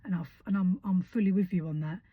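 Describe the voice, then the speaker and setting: A woman voicing a flustered female clinic receptionist who talks softly and hesitantly. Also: lowish voice, fast, husky, no room sound. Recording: dull lo-fi sound.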